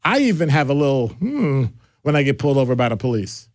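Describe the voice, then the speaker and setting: Animated male radio host with lively pitch. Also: fast, no echo, studio quality. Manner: animated, digressive, jumps between deep and high voices. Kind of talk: casual call-in radio talk. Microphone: studio microphone.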